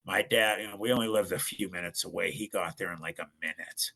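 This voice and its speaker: A man's voice: deep voice, fairly quick, creaky, pushed and bright. A middle-aged man from Ohio, a podcast guest, telling his story animatedly and acting out other people's voices. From Ohio, United States. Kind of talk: casual storytelling.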